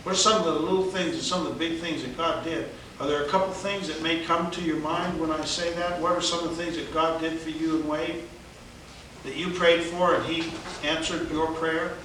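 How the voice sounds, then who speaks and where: A man telling his testimony as an evangelist, in an animated storytelling way, laughing often and acting out other people's lines. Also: on the high side, a little fast, a little hiss or hum. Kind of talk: storytelling conversation. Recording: very echoey room, mic at a distance.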